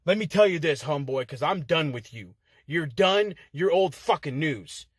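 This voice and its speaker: A man's voice: on the high side, lively intonation, moderate pace, husky, dry recording, clean studio sound. A man recorded inside a car, cutting a swaggering wrestling trash-talk promo full of heated profanity. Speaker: contestant in an online promo-cutting contest.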